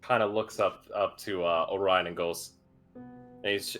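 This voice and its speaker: A man playing a tabletop game, describing his character's actions in a quiet, muttering way. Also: low voice, fairly even intonation, a little slow, soft background music. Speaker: player.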